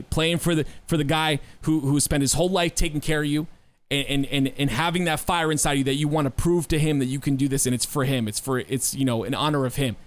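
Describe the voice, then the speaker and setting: A man co-hosting a podcast, talking in an animated, assertive way with folksy sayings and repeated emphasis. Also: a little high. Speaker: podcast co-host. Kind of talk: casual podcast discussion.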